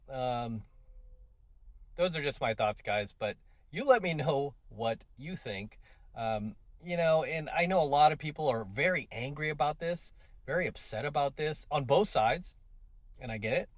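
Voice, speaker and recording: A middle-aged man talking straight to his viewers in a loose, rambling commentary. He often adds tag questions and fillers, and his voice sits at an average pitch. The recording is dry and close, with no room sound. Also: no echo. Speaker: channel host. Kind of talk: casual opinion commentary to camera.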